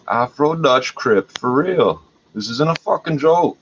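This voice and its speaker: A man's voice: medium pitch, expressive, measured pace, a bit bright. A man at home hosting a livestream, rambling in an agitated, profane way. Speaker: livestream host. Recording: dull lo-fi audio with faint noise.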